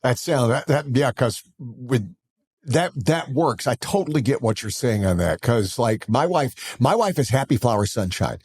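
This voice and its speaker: Husky podcast host guy, voice jumps all over, dry close sound. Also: moderate pace, no room sound. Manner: expressive, earnest, wide swings in pitch. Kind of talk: casual podcast interview.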